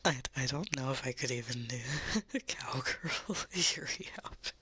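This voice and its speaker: A woman with a Southern US accent, whispering and giggling softly while chatting on a live ASMR stream. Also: extremely low pitch, lively intonation, moderate pace, a little hiss or hum.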